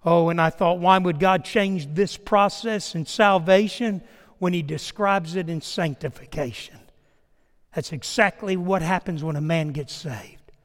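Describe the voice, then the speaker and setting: Male pastor, fairly high voice, earnest preaching style, long reverb of a church hall. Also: a little slow. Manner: earnest, emphatic preaching in short repeated phrases. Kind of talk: sermon with personal storytelling. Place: church sanctuary.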